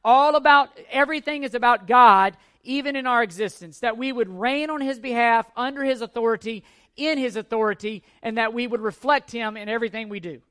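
A man's voice: very high-pitched, brisk, pushed and bright, smooth. A man preaching a teaching sermon, earnest and emphatic, repeating key points and asking rhetorical questions of his listeners. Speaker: pastor.

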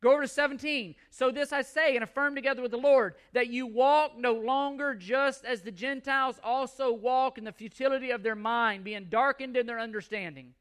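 High-pitched, bright-voiced male preacher. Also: brisk, few pauses, clear, resonant tone. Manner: emphatic preaching with repeated phrases and scripture readings. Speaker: pastor. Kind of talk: sermon.

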